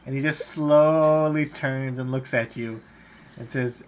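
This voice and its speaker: A man's voice: mid-range voice, steady tone, slow pace. A man narrating as game master. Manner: plain descriptive narration. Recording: noisy home recording.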